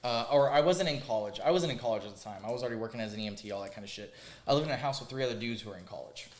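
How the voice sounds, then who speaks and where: A man hosting a podcast, telling crude stories in a casual, animated, emphatic way. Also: medium pitch, very fast, echoey room. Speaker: podcast host. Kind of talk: casual storytelling chat.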